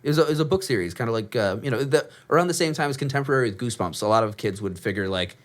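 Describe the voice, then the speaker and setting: A man's voice: medium pitch, lively intonation, very fast. Profane, rambling podcast co-host man. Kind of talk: casual chat.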